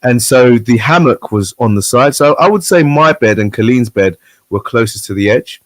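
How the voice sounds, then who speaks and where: A man's voice: mid-range voice, expressive, normal speed, dry recording. A man, a guest on a chat show, telling a story animatedly and acting out the voices of the people in it. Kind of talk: casual chat.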